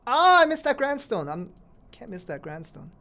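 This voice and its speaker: A woman's voice: fairly high pitch, very animated, moderate pace, fairly bright tone. Chatty woman streamer reacting to gameplay. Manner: chatty, self-interrupting, exclaims at near misses. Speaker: mobile game streamer. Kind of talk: casual live-stream commentary while playing.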